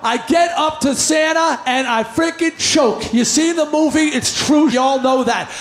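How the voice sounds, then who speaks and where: A man from the New York area telling a stand-up story in a loud, animated, ranting way. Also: very high-pitched, unhurried. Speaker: comedian. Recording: roomy echoing sound.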